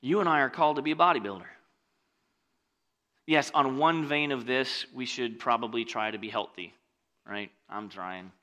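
A male pastor preaching a sermon in a conversational way, mixing scripture with joking asides and swinging from loud, lively stretches to quiet ones. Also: medium pitch, normal speed, pauses often.

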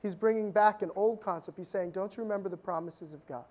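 This fast-talking pastor has a mid-range voice. His sermon unfolds as conversational storytelling, with humorous asides and sudden drops from loud emphasis to quiet intensity.

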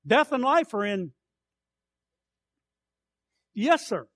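A man preaching a sermon with a high, lifted voice, taking his words slowly and deliberately. He swings from ringing scripture readings to hushed asides, and the sound is dry and close. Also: lively intonation, dry recording. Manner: impassioned, declaiming scripture slowly, dropping to soft asides.

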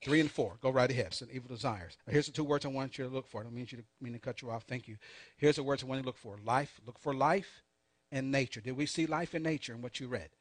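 A man preaching a sermon, leading call-and-response and repeating key points slowly and emphatically. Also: medium pitch, no room sound. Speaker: pastor leading a Bible study.

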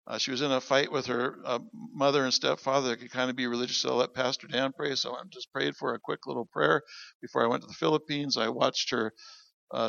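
A man's voice: mid-range voice, vocal fry, lo-fi sound. A middle-aged man preaching a sermon, telling stories and acting out the voices of the people in them. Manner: animated storyteller acting out quoted voices. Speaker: pastor. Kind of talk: sermon with storytelling.

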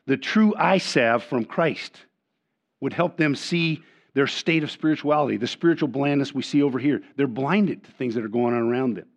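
At medium pitch and normal speed, an older man delivers a sermon from the pulpit, often stumbling back over words to restart them. Booming, emphatic passages alternate with hushed asides, and the sermon recording sounds dull and lo-fi.

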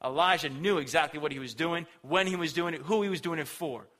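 Young male preacher, high bright voice, relaxed slangy sermon storytelling. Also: fast talker.

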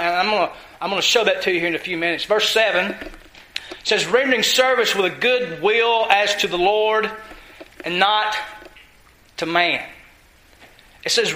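A man's voice: sits high, sharp tone, echoey room, rough recording. A male preacher giving an earnest, emphatic sermon, putting direct questions to his congregation.

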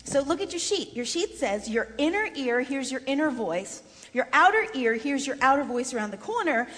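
A woman leading a voice workshop for singers in a chatty, lively way with frequent laughter. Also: high-pitched, slight background noise. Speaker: vocal coach. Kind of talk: voice workshop lesson. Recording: long reverb in a large room.

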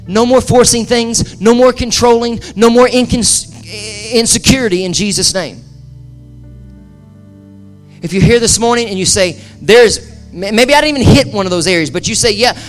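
A male pastor with a notably high voice delivers a passionate sermon to his congregation. He repeats phrases for emphasis and swings between forceful cries and quiet, intimate asides. Soft music plays faintly beneath him. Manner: impassioned, swings from loud to hushed, repeats phrases. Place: church service with live audience.

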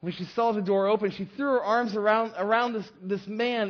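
A male preacher telling a story in a sermon, animated and prone to restarting his sentences. His voice sits high, and the recording is slightly dull and lo-fi. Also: normal speed, few pauses. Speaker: pastor.

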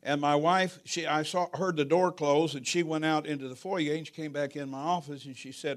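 A man's voice: on the high side, a little fast, hardly any pauses. A middle-aged man, a pastor preaching a sermon and telling stories in a folksy, humorous way. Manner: folksy, humorous, animated storytelling. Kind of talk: sermon with storytelling.

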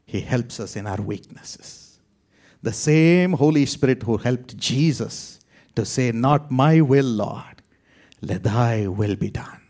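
Slow, dramatic male preacher from India. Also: lowish voice, breathy edge. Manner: dramatic storytelling, swings from loud exclamations to hushed whispers. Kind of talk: sermon testimony.

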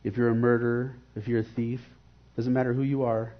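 A man's voice: mid-range voice, flat delivery, brisk, muffled recording. A man giving an earnest, reflective devotional sermon and posing rhetorical questions.

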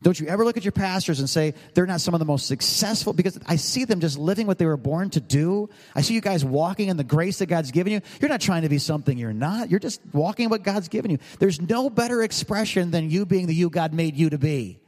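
A middle-aged man preaching to a congregation, his fairly high voice carrying a long reverb around a big church hall. He talks loosely and jokily, drifting into asides and teasing the room between his points. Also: lively intonation, fast talker, few pauses, a little mellow. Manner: conversational, joking, rambling preaching with asides to the congregation. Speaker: pastor. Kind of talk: sermon.

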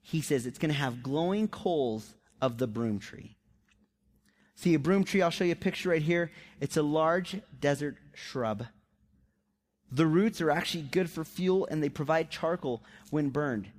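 A man delivers a sermon in a fairly high voice. He talks conversationally to his listeners and keeps it animated with rhetorical questions. He leans hard on emphasis when he tells a story. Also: measured pace. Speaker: pastor.

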